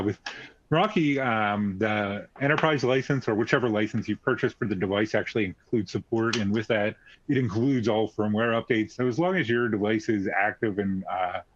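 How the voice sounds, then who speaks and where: A man's voice: lowish voice, a little fast, a little hiss or hum. A man answering technical questions on a webinar, explaining at length with frequent fillers. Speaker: technical expert guest. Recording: dry muffled webcast audio.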